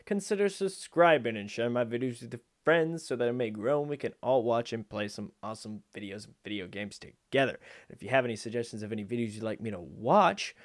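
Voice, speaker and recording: A man at an ordinary mid pitch talks casually to his viewers, rambling from one thought to the next. His delivery is playful and chatty, like a reactor opening his video. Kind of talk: casual chat to camera.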